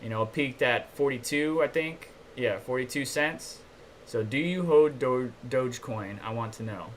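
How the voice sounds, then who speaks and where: With slight background noise around him, a medium-pitched man talks at a moderate pace. He's hosting a casual crypto news stream, reading articles aloud before commenting and throwing loose, chatty asides to his viewers.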